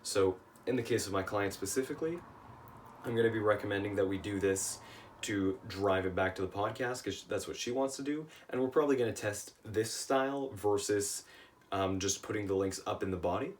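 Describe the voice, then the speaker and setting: A man's voice: fairly low pitch, brisk, recorded from a distance, slight background noise. A tired man with a worn voice, teaching email marketing in a casual lesson, often checking in with "right?". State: tired, voice shot.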